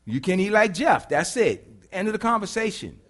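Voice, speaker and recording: A preacher putting on a blunt, dismissive God. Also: male voice, sits high, big pitch swings, fairly bright tone, voice pushed up, full character voice. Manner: brisk, dismissive, no-nonsense. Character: God, blunt and matter-of-fact, male. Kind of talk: sermon.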